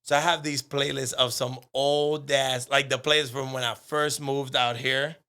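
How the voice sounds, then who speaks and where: A man co-hosting a casual comedy podcast, with a gravelly, bright, forceful voice. He rambles through animated stories and sounds close on a desktop mic. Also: medium pitch, normal speed. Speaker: podcast co-host.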